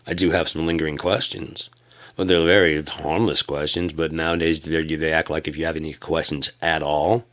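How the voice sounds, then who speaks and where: Vlogger, male, low voice; rambling, halting, profane rant. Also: level tone. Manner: profane, loud bursts of high-pitched exclamation; halting, many restarts and fillers.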